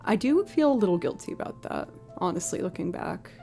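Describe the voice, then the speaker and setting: Animated woman telling a story. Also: fairly quick, gravelly, faint music behind. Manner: animated storyteller who acts out quotes with big pitch jumps. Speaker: streaming musician. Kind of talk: casual storytelling on a livestream.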